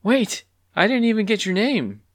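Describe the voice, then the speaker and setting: A man voicing a timid, excitable young hen. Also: moderate pace, exaggerated voice. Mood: flustered. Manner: high, breathless and eager.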